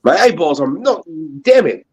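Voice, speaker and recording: A man's voice: fairly high pitch, sing-song, moderate pace, slightly rough. A man joking and arguing in a casual stream chat. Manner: joking, argumentative. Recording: dull lo-fi stream audio.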